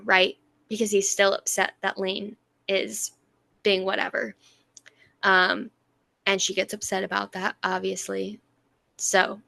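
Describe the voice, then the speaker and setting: Bright-voiced woman retelling a book. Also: medium pitch, gravelly, no echo. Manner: animated retelling, acting out quoted lines, laughing. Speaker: podcast co-host. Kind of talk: casual book recap.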